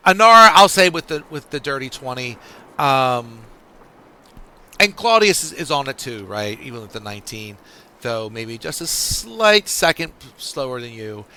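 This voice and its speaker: A man running a tabletop game as game master, pausing often as he works out rulings for the players. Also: mid-range voice, big pitch swings, sharp tone, clear, resonant tone. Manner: halting, full of fillers and restarts while deciding rulings.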